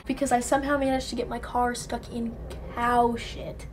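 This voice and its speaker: A woman's voice: a little high, normal speed, a little hiss or hum. Chatty young woman telling a story. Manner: animated storytelling, acting out everyone's lines, heavy use of "like". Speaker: vlogger. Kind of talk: casual storytime vlog.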